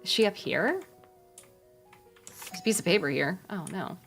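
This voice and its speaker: A woman's voice: fairly low pitch, animated, normal speed, fairly bright tone, faint music behind. A woman streaming a game, chatting casually with her viewers and swearing freely.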